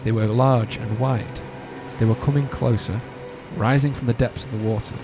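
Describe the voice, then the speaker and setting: A podcast host reads a spooky story aloud over background noise, his medium-pitched voice moving at a normal speed. He keeps it animated and casual, breaking up the narration with joking asides.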